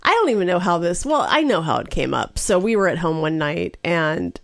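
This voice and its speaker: A woman's voice: fairly quick, vocal fry, no echo, clean studio sound. A woman in her forties co-hosting a casual podcast chat, telling a story and acting out what others said. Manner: animated storyteller, acts out quotes with big pitch jumps. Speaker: podcast co-host. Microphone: podcast microphone.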